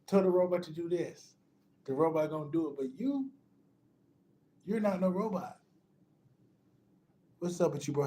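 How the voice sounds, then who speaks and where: A man's voice: a little high, warm tone, a little hiss or hum. A man giving a casual spiritual pep talk, emphatic and repetitive, often restarting phrases and calling the listener bro. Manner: restarts phrases and laughs between points. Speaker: spiritual motivational speaker.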